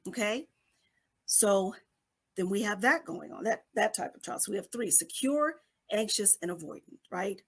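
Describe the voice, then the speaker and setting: A middle-aged woman speaks as a guest coach on an interview show. Her pitch sits in an ordinary middle range. She explains patiently like a teacher, pausing often to check that her listeners are following. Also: animated, breathy edge. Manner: teacherly, checks in with repeated "okay?"; briefly acts out babies and parents.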